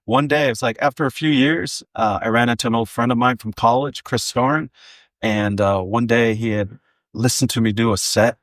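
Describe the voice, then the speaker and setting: A man's voice: medium pitch, steady tone, normal speed, a bit bright, dry recording, studio quality. A man in his forties, a guest comedian, telling casual stories in a podcast interview, rambling with lots of fillers and restarts.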